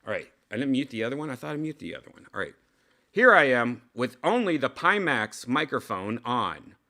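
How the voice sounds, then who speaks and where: A man's voice: mid-range voice, sing-song, brisk, sharp tone. A man livestreaming casual chat to his viewers, loose and rambling, swearing casually as he tests gear. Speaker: vlogger testing a VR headset mic.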